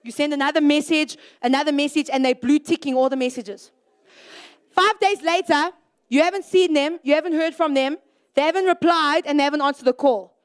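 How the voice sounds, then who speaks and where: A young woman with a high voice speaks to a youth crowd in sermon style. She keeps it conversational and animated, throwing rhetorical questions at her listeners and slipping into quick acted-out scenes. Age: young adult. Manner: asks the audience rhetorical questions.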